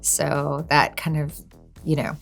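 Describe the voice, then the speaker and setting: A woman's voice: low voice, little pitch movement, takes it slowly, vocal fry, soft background music. A woman being interviewed as a guest, chatting casually and laughing often. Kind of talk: casual chat.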